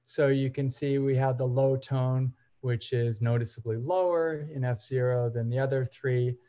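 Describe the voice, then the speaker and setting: A man co-presenting an academic seminar, explaining examples in a measured, step-by-step way. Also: mid-range voice, fairly even intonation, warm tone.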